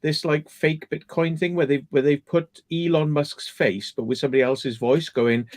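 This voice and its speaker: A man's voice: fairly high pitch, fairly even intonation, moderate pace. A man hosting a casual live chat stream, ranting and swearing freely.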